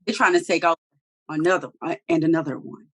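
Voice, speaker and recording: Low-voiced and brisk, the woman co-hosts a casual chat recapping a TV episode. She narrates the scenes bluntly, in lively slang and with plenty of swearing.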